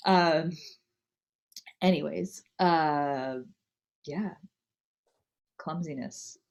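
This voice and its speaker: A woman's voice: sits low, very slow, vocal fry, darkish tone. A young woman co-hosting a casual chat, rambling and laughing often as she talks. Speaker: podcast co-host.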